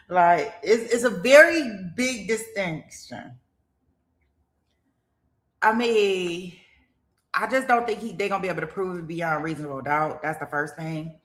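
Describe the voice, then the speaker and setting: A middle-aged woman hosting a casual livestream, chatting straight to her viewers and rambling with restarts. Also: mid-range voice. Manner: chatty, talks straight to viewers, thanks donors; rambling, with many restarts and fillers. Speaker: livestream host commenting on a trial.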